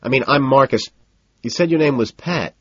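A man's voice: mid-range voice, normal speed, fairly bright tone, no echo, highs cut off, voice pushed up, close to an everyday voice. A man doing a smug sarcastic limo driver. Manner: smug, mocking.

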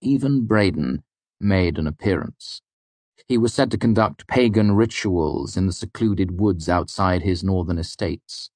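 A man reading an audiobook in first person, in a measured, even storytelling manner. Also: low-pitched, dry recording. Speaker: audiobook narrator. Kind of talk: scripted first-person narration.

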